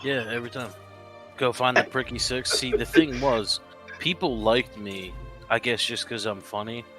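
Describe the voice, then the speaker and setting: A man's voice: medium pitch, fairly even intonation, normal speed, over music. A man on a live stream telling jokey stories in casual chat, swearing freely and laughing at himself.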